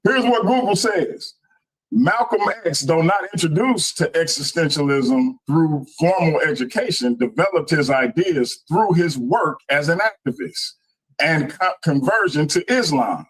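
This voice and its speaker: A man's voice: on the high side, lively intonation, unhurried, fairly bright tone, husky, poor audio. A man making a laid-back debate argument over a video call, talking straight to the audience. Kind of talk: casual debate speech.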